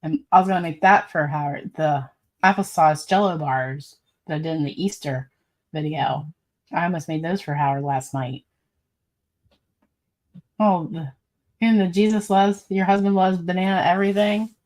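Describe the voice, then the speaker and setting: A woman hosts a relaxed live stream and reads out viewer comments as she goes. Her voice sits a little low for a woman. She talks in a chatty, meandering way and breaks into laughter often. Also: normal speed, long pauses. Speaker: livestream host.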